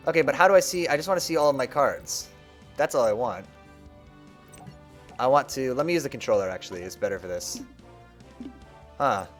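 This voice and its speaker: A man's voice: medium pitch, lively intonation, brisk, pauses often, faint music behind. A man streaming a card video game, chatting casually and rambling about how people play. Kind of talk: casual gameplay commentary.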